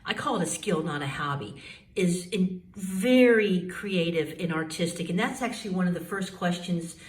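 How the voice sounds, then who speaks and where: A woman's voice: fairly low pitch, normal speed. A woman vlogging casually about learning ham radio and Morse code, chatty and folksy. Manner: chatty, folksy, says y'all. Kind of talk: casual chat. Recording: noisy home recording.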